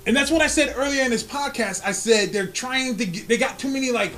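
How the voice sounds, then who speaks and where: A man co-hosting a podcast, talking loudly and excitedly, swearing freely and laughing often in casual chat. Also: very high voice, brisk, faint music behind. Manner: loud, animated, swears a lot, laughs often. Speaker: podcast co-host.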